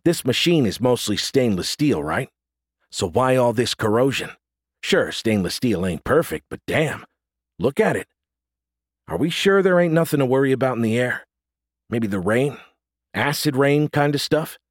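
A man's voice: medium pitch, animated, moderate pace, dry recording, studio quality, voice pushed up, natural voice. A man voicing a blunt, uneasy male soldier in an audiobook, speaking casually with slang and rising emphasis. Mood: wry, uneasy.

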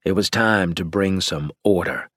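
Deep husky male audiobook narrator. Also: a little slow, fairly bright tone, dry recording, studio quality. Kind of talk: first-person audiobook narration.

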